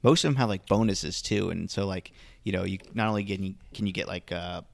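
A man's voice: low-pitched, fairly quick, gravelly, no echo. A man co-hosting a podcast in casual chat, rambling with lots of fillers. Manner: rambling, filler-heavy delivery. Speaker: podcast co-host.

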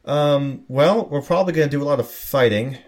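A man's voice: on the high side, a little fast, darkish tone, pitched above the performer's own voice, lightly acted. A man doing a chatty American guard woman. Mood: teasing. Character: friendly woman palace guard, chatty and wry.

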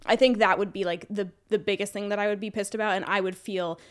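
A woman co-hosting a podcast in casual chat, talking in a rambling, profane, animated way. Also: mid-range voice, fast talker, clear, resonant tone. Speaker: podcast co-host.

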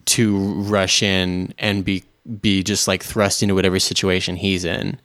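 A man's voice: sits low, flat delivery, normal speed, a bit bright, clear, resonant tone, dry recording, studio quality. A man playing a tabletop role-playing game, thinking aloud hesitantly with many restarts. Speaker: player.

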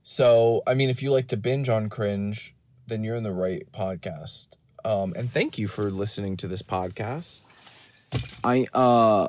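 A man's voice: lowish voice, expressive, normal speed. A man hosting a podcast, chatting casually in a rambling, jokey way. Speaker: podcast host.

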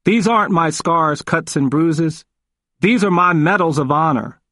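A man playing a hoarse, intense old man in his seventies, a civil rights veteran who speaks forcefully and with emphasis. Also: on the high side, unhurried, no echo, studio quality, voice pushed up. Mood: fierce. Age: 70s.

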